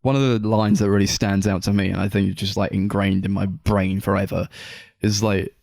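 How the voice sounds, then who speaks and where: Low-voiced man, laughing and sweary. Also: fairly quick, gravelly, no room sound, clean studio sound. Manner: laughing, sweary, animated storytelling. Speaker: podcast co-host. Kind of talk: casual film chat.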